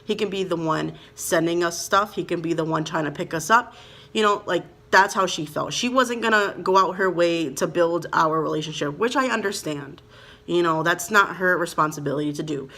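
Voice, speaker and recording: This Minnesota vlogger, a young woman, recounts a personal storytime casually and emotionally, rambling with plenty of "like" and "you know." Her lowish voice has vocal fry and a pushed, bright quality at a moderate pace.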